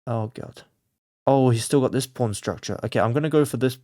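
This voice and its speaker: A man's voice: mid-range voice, brisk, no room sound. Man muttering chess moves, dry sound. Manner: mutters moves to himself, swings between quiet focus and flustered panic. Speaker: chess content creator. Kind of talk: thinking aloud while playing blindfold chess.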